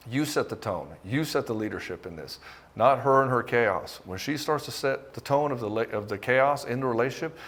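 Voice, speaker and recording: A man coaching husbands on relationships, talking bluntly and casually, swearing freely and hammering points in short bursts. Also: medium pitch. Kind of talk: direct-to-camera coaching talk.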